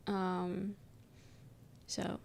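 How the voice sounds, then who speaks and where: A woman's voice: mid-range voice, monotone, extremely slow, vocal fry, a little mellow. A young adult woman streaming and chatting casually with her viewers, reading their messages aloud and rambling with lots of "um" and "like" and casual swearing. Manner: rambling, filler-heavy, swears casually, frequent "um".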